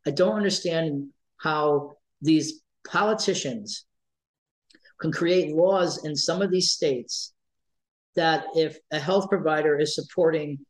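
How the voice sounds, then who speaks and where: A man's voice: fairly high pitch, slow, rough recording. Passionate man speaking up for kids. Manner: passionate, emotional, emphatic repetition. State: emotional, near tears. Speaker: advocate for trans youth. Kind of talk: interview guest.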